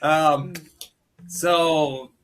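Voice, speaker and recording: Joking, profane podcast co-host. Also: male voice, on the high side, steady tone, drawn-out words, fairly bright tone, slight background noise. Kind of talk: casual podcast chat.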